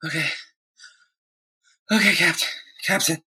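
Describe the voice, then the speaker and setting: A woman playing a tabletop role-playing game, playful and expressive. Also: deep voice, unhurried, breathy edge. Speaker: player. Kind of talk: tabletop role-play chat.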